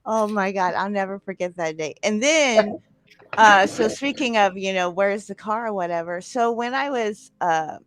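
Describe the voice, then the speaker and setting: A woman chatting casually with friends in a loose, profane storytelling manner. Her voice sits at a middle pitch for a woman. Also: moderate pace, slight background noise. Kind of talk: casual chat.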